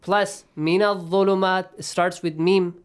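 A man's voice: high-pitched, fairly even intonation, moderate pace, clean tone. A man teaching Quran recitation rules, patiently quizzing his students by name and slipping into recitation. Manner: switches into Arabic recitation. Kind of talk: online tajweed lesson.

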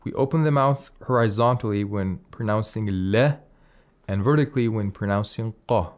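A man's voice: lowish voice, a little fast. Man patiently teaching Quran recitation. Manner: patient, explanatory, recites Arabic phrases. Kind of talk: radio lesson on Quran recitation.

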